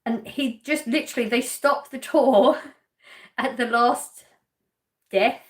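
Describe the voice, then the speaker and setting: A woman's voice: fairly high pitch, slow. Chatty woman reading stream chat. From Essex, England. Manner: chatty, laughs often, trails off mid-sentence. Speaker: livestream host. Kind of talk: casual chat reading viewer comments.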